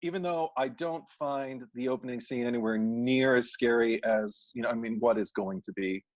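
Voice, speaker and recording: A man's voice: medium pitch, normal speed. A man co-hosting a casual movie discussion, thoughtful and analytical, often restarting his sentences. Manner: thoughtful, analytical, self-correcting. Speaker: podcast co-host.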